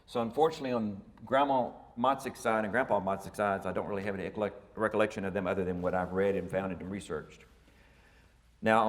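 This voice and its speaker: A man in his fifties gives a family history lecture in a folksy, meandering way, pausing on fillers and correcting himself as he goes. His voice sits fairly low. The sound carries a long reverb from a large hall. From Texas. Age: 50s. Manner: folksy and rambling, with many fillers and self-corrections.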